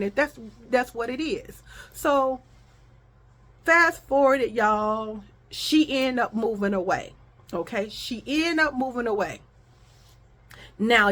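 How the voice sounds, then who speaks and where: A woman's voice: medium pitch, fairly bright tone. A woman vlogger telling a story to her viewers in a casual, profane style, acting out the arguments she quotes.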